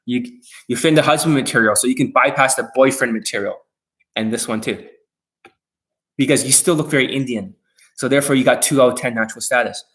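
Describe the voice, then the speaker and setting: A man's voice: mid-range voice, sharp tone. A man coaching viewers on dating in a livestream Q&A, talking bluntly and aggressively, swearing often and speaking straight at his audience. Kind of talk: profane livestream Q&A rant.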